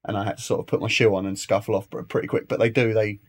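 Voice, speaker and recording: A man in casual chat, telling travel stories in an animated, ranting way. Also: lowish voice, very fast, husky.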